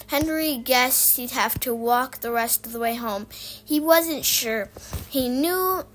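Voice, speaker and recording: A woman reading a children's book aloud, lively and voicing the sound effects. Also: high-pitched, slight background noise, low-quality recording. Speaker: reader.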